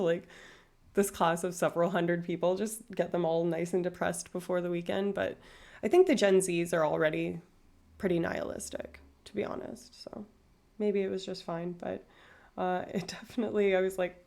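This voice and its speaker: A woman's voice: fairly low pitch, fairly even intonation, moderate pace, creaky, darkish tone. A young woman in her twenties streaming from home, chatting casually and rambling with lots of fillers. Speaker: livestreamer. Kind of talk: casual livestream chat.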